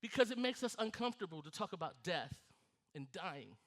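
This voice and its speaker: A male pastor preaching a sermon, telling a childhood story with lively, laughing, acted-out delivery. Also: sits high, fairly quick. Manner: animated storytelling, laughing and acting out scenes.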